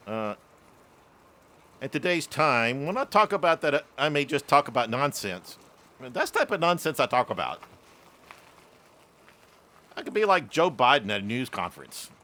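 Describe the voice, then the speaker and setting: A man's voice: a little high, pushed and bright. A man in his later years telling a rambling childhood story, often laughing at himself. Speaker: vlogger. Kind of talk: casual storytelling monologue.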